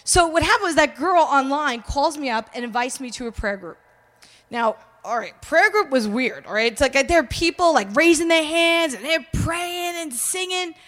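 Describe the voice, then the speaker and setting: High-voiced New woman telling her story. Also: moderate pace. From New York. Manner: animated, acts out quoted voices, frequent "all right?" asides. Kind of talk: personal testimony, storytelling.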